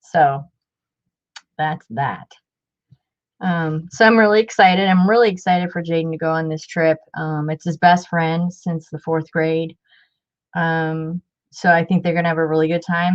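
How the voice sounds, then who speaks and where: A woman's voice: low-pitched, fairly even intonation, unhurried, highs cut off. A middle-aged woman chatting in a rambling, casual way with many fillers while she works on a craft project. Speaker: crafting vlogger.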